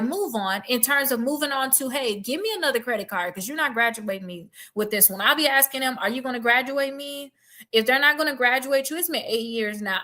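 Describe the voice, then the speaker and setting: Woman credit advisor, casual direct-to-viewer talk, bright forceful voice, blunt and emphatic. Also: fairly high pitch. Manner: blunt, emphatic, addresses the audience as y'all.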